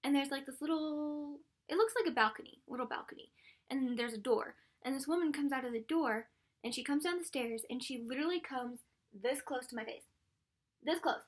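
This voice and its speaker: A young woman with a high voice tells a personal story to camera in a casual vlog. She talks in an animated, excitable way and acts out the lines of the people in it. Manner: animated, breathless retelling with quoted voices and laughs. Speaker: vlogger.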